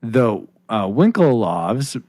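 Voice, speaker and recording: A man's voice: mid-range voice, big pitch swings, slow pace, mellow, dry recording. A man hosting a casual podcast, rambling with restarts while reading listener comments on a close mic. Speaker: podcast host.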